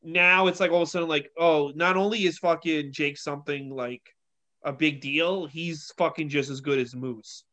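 A man's voice: a little high, steady tone, normal speed, bright, forceful tone. A man co-hosting a casual wrestling chat, exasperated and opinionated, swearing as he argues his view. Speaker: wrestling podcast co-host.

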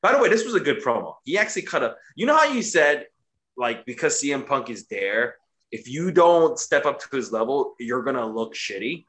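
A man's voice: mid-range voice, fairly quick. A man recapping a show in casual podcast chat, swearing constantly and getting worked up. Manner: profane, excitable, swears constantly. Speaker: podcast co-host recapping wrestling.

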